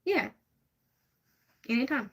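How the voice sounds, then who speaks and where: A woman's voice: a little high, lively intonation, takes it slowly, fairly bright tone. Rambling young woman hosting a livestream. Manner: rambling, hesitant, many fillers and restarts. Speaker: livestream host. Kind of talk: casual livestream chat answering viewers.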